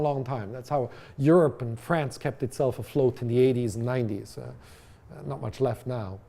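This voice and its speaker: A man's voice: a little high, mellow. A man giving a college lecture to an audience in a conversational way, with fillers and restarts, sometimes asking the room questions. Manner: addresses audience directly with questions. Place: lecture hall.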